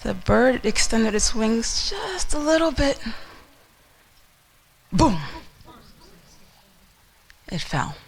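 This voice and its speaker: A woman's voice: on the high side, sing-song, drawn-out words, vocal fry, pauses often. A woman giving a motivational talk, telling a story dramatically and asking the listener questions. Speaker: motivational speaker.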